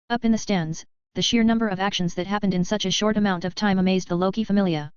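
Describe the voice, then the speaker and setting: A woman's voice: mid-range voice, steady tone, fast talker, few pauses, smooth, no room sound, dull audio. A woman giving a scripted novel narration, reading evenly and steadily. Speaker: audiobook narrator.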